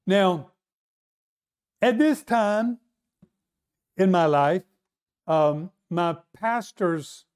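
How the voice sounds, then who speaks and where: A man preaching, telling a personal testimony in an earnest storytelling way and speaking straight to his congregation. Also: high voice. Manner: earnest storytelling, addresses audience directly. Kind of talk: sermon testimony.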